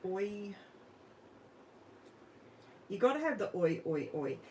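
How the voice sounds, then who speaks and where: Her mid-range voice swings widely in pitch and she takes it slowly, with a little hiss or hum in the audio. She's a middle-aged Australian woman hosting a craft channel, chatting casually on a live stream and talking straight to viewers in the chat while crafting in her home craft room under overhead lights.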